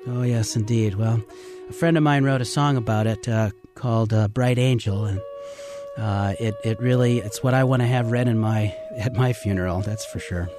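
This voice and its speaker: A middle-aged man, a river rafting trip leader, telling stories as an interview guest in an earnest, halting way full of fillers. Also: on the low side, steady tone, music in the background.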